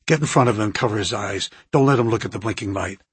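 A man doing a brisk, urgent doctor. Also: on the low side, slightly rough, no room sound. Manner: quick, clipped orders.

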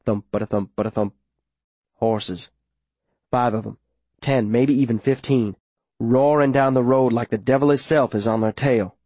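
A man narrating a story in the first person, steady and plain, with rural grammar. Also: medium pitch, normal speed, pauses often, no room sound. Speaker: audiobook narrator.

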